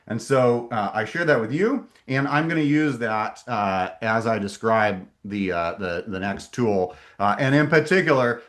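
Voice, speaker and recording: A man's voice: on the low side, lively intonation, measured pace, hardly any pauses, a bit bright. A middle-aged man presenting a webinar in a casual way over a video call, enthusiastic and often hesitating and restarting his sentences.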